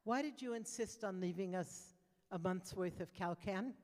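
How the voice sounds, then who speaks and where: A woman voicing her female Siamese cat, who coolly scolds her owner in a slow, disdainful way. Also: mid-range voice, darkish tone, long reverb tail, lightly acted.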